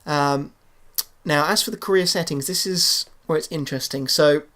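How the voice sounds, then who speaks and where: A man's voice: on the high side, moderate pace, fairly bright tone. A young man giving casual, hesitant commentary on his football game, full of fillers and restarts. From England. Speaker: gaming YouTuber.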